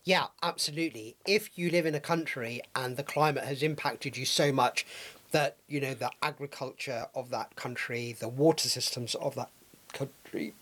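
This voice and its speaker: A man hosts a relaxed discussion in a middle-range voice. He keeps searching for words, filling the gaps with ums and circling back to restart his sentences. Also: mid-range voice, moderate pace. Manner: hesitant, many fillers and restarts. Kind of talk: casual discussion.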